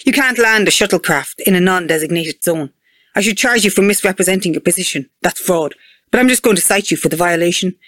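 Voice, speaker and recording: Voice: mid-range voice, fairly quick, a bit bright, dry recording, clean studio sound, natural voice. A reader voicing a stern male robot traffic cop who talks in clipped, bureaucratic lines.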